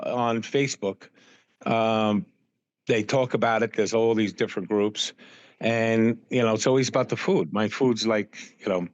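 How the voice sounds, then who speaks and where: A man telling lively stories as a podcast guest, sprinkling his talk with "you know" and acting out what people said. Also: medium pitch, no room sound, highs cut off. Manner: animated storyteller, full of "you know" and acted-out quotes. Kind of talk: anecdotal interview chat.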